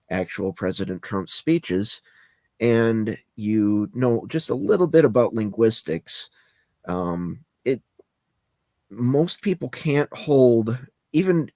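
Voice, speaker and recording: A man's voice: medium pitch, darkish tone, no echo, clean studio sound. A man co-hosting a talk show, explaining things in a rambling way. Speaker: co-host. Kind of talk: casual chat.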